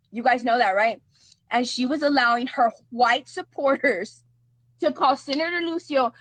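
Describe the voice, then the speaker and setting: A woman's voice: high-pitched, fairly bright tone, no echo. A woman hosting a live stream, talking back to a guest and her comments in a mocking, combative way, often repeating her lines. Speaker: livestream host. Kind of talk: heated livestream commentary.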